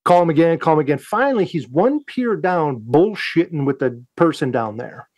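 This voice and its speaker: Animated, profane man spinning a yarn. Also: on the high side, normal speed, dry recording. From United States. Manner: profane, animated, acts out his own quotes. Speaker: guest, Navy veteran. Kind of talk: casual podcast storytelling.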